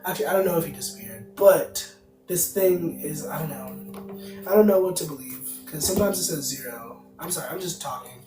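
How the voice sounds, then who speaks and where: A man's voice: a little high, a little fast. A man hosting a tarot reading livestream, chatting loosely and answering viewer comments aloud as he goes. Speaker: tarot card reader, livestream host. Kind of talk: casual livestream chat. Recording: roomy, distant mic, music behind. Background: music playing.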